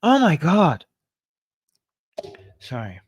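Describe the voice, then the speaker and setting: A man's voice: on the high side, wildly swooping pitch, drawn-out words, slightly rough, highs cut off. Angry, indignant male host. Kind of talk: heated debate commentary.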